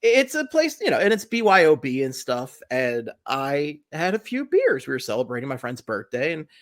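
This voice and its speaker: Animated, lively man telling a story. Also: a little high, moderate pace. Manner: animated storyteller, acts out quotes in loud voices. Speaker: podcast co-host. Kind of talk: casual chat.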